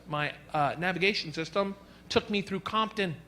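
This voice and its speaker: A man doing a stand-up routine in a wry, deadpan way with mock-earnest asides. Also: fairly high pitch, moderate pace, over music. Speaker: stand-up comedian. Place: live comedy stage before an audience. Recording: noisy live stand-up recording.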